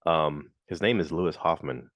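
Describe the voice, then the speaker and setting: A man with a fairly bright tone speaks at a moderate pace in a dry recording. On his casual solo podcast he chats and rambles through reviews, using lots of fillers and voicing quotes in a high register.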